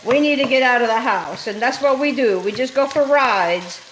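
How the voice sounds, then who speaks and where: Chatty high-voiced woman cooking. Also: moderate pace. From Calabria, Italy. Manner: animated, digressive, keeps addressing viewers as guys. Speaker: cooking show host. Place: home kitchen. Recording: echoey kitchen, faint cooking noise. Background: sizzling pan, stirring.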